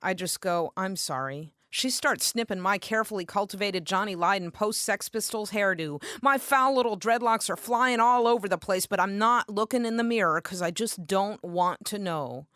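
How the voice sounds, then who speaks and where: A woman performing spoken word poetry with a deadpan, sardonic, rhythmic delivery. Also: mid-range voice, normal speed, few pauses, no room sound, studio quality.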